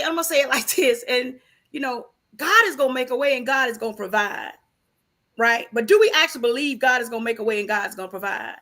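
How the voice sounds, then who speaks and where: A woman's voice: high voice, bright, forceful tone. A woman in a casual, faith-based conversation, talking emphatically and preachily with many rhetorical questions.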